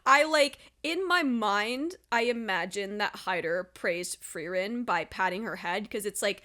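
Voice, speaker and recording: A woman hosting an anime reaction video, talking in a casual, gushing, excitable way. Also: mid-range voice, unhurried. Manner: gushing and excitable, with gasps and exclamations.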